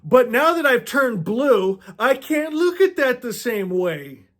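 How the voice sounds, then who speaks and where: A man's voice: extremely high pitch, very animated, slow, fairly bright tone. A man giving an impassioned preaching monologue as a spiritual speaker, stammering and restarting often and firing off rhetorical questions.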